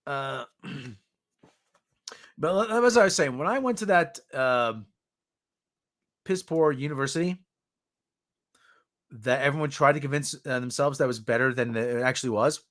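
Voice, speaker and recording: A man's voice: medium pitch, measured pace, long pauses, a bit bright. A man hosting a podcast, giving sarcastic, ranting news commentary in a mocking tone. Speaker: podcast host.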